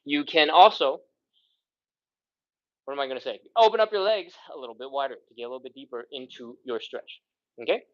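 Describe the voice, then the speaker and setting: A man's voice: mid-range voice, fairly quick, long pauses, highs cut off. A man leading a live follow-along stretching workout, counting down holds and sighing between counts while he stretches and catches his breath. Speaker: stretching instructor.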